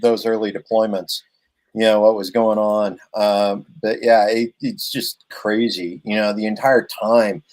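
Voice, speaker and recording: A man hosting a casual podcast conversation, talking in a measured, wry way and often filling gaps with "you know". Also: on the low side, little pitch movement, a little mellow, poor audio. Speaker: podcast host.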